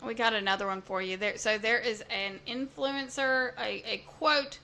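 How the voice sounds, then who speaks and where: A woman co-hosts a podcast in casual, emphatic chat. Her voice is fairly high and bright, and she often circles back over the same words. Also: fairly even intonation, normal speed. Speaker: podcast co-host.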